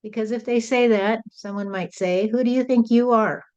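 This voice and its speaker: Woman channeling Jesus as a plain-talking, folksy male spirit: mellow voice, muffled lo-fi sound. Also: fairly high pitch, fairly even intonation, normal speed, lightly acted. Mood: earnest. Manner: folksy, rambling, repeats "you see". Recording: dull lo-fi recording.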